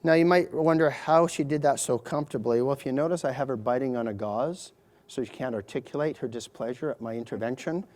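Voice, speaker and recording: A middle-aged man leads a live procedure demonstration, calmly naming each step as he works. He keeps it light with quick joking asides to the watching audience. His voice sits at an ordinary middle pitch. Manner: chatty, joking asides while explaining technique.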